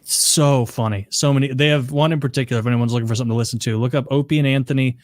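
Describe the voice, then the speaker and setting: A man's voice: medium pitch, fairly even intonation, very fast, a little mellow, dry recording. A man co-hosting a podcast, chatting casually and laughing as he retells a comedy clip. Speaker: podcast co-host.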